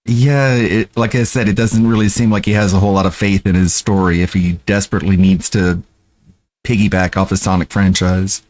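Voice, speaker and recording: A man's voice: sits low, fairly even intonation, brisk, darkish tone. A man streaming live, reacting to a video with casual comments and laughs.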